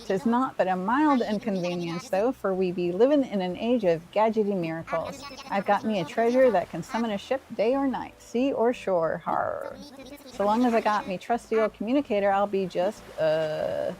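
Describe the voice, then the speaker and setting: A woman's voice: mid-range voice, normal speed, darkish tone, lightly acted, rough recording. A woman voicing a blustery, pun-loving male seagull who talks like a pirate, growling "arr" as she reads his lines from a game. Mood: hammy pirate.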